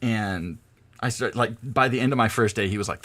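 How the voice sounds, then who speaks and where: A man's voice: fairly low pitch, brisk, fairly bright tone. A young adult man chatting casually on a game stream, rambling through stories and laughing often. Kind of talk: casual gameplay stream chat.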